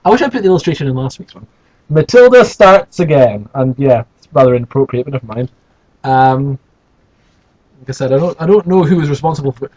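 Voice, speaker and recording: A man's voice: mid-range voice, lively intonation, a little fast, a little mellow, rough recording. Sarcastic man reading a storybook. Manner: sarcastic, rambling asides. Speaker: host reading a children's book. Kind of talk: storybook reading with comic asides.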